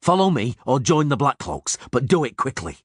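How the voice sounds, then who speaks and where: A hardened monster hunter who speaks in short, clipped lines through gritted teeth, as a man reads him. The voice stays close to the reader's own, husky and dry. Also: mid-range voice, very animated, moderate pace, dry recording, pitched above the performer's own voice. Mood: grim. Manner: curt, through clenched teeth.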